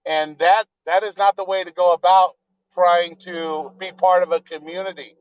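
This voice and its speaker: A man calls in over a dull, dry remote line in a high voice. He confronts the host bluntly, with lots of swearing. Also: little pitch movement, normal speed, smooth. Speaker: caller. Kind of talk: blunt call-in criticism. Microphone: remote call-in.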